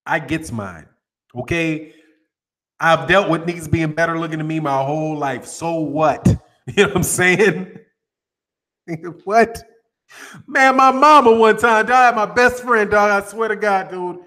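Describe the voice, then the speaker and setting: A man with a rather high voice hosts a casual boxing talk show. He talks in loose, slangy banter and breaks into laughter often. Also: unhurried, pauses often, sharp tone. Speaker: boxing channel host. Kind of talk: casual chat.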